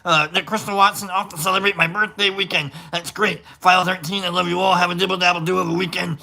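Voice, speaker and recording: Dude hosting a chill stream, gravelly fry, really sharp bright tone, reading chat names. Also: male voice, high voice, level tone, quick pace. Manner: rambling, reads names off chat with frequent "uh"s. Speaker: live-stream host. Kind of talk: casual live-stream chat reading viewer shout-outs.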